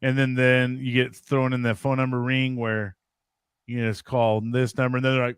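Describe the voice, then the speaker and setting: A man co-hosting an interview, blunt and casual, clearing his throat often. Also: mid-range voice, level tone, moderate pace, no room sound, studio quality. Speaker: co-host.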